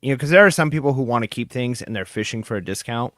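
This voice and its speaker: A man co-hosts a casual podcast, talking fast as he jokes and hands out practical advice. His voice is recorded dry and close to the mic. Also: medium pitch, fairly bright tone, no echo. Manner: quick, joking, advice-giving. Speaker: podcast co-host.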